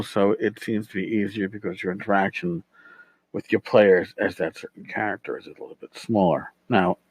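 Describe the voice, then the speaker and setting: Slow-talking man hosting a podcast. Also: mid-range voice, no echo, low-quality recording. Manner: rambling, conversational, swears freely. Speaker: podcast host and game master. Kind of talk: casual podcast monologue.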